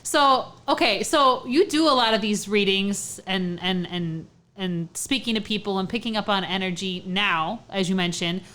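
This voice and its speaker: A woman's voice: medium pitch, moderate pace, hardly any pauses, a bit bright. A woman hosting an interview, asking follow-up questions in an encouraging way. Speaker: podcast host. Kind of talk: interview chat.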